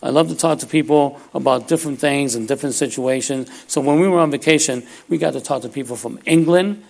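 This sermon comes from a male preacher whose voice has a gravelly edge and sits in a typical middle range, neither high nor low. He keeps things loose and conversational, frequently pausing to check with listeners, "all right?"

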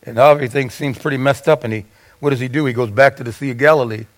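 A man's voice: mid-range voice, quick pace. A man preaching a sermon as pastor, retelling scripture with dramatic storytelling and acted-out voices.

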